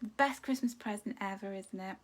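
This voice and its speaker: A woman's voice: medium pitch, a little fast. A woman hosting a live card-reading stream from home, chatting casually and greeting viewers with endearments like darling. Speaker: card reader hosting a livestream. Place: home room.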